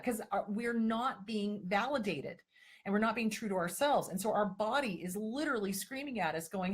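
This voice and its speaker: A woman's voice: a little high, animated, measured pace, breathy edge. A woman hosting a live-stream advice talk and answering viewer questions, talking emphatically and with lots of repetition, and sometimes slipping into mocking voices to act out other people.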